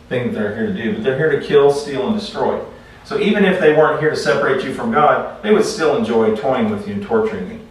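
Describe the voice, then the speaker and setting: A man teaching a class in a relaxed, conversational way, telling stories and often restarting his sentences. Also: medium pitch. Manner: conversational, repeats words when restarting. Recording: echoey room, far from mic, faint noise.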